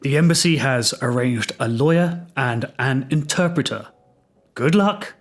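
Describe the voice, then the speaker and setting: A man's voice: medium pitch, normal speed, lightly acted. A man voicing a terribly posh British male embassy official with an upper-class English accent, clipped and formal. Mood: formal, polite. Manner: clipped, formal, politely cheerful.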